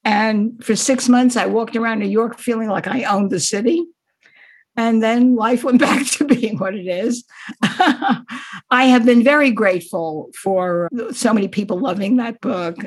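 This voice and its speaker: A woman's voice: on the high side, a little slow. An older woman author telling wry anecdotes in an interview, laughing often as she talks. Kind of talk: reflective interview storytelling.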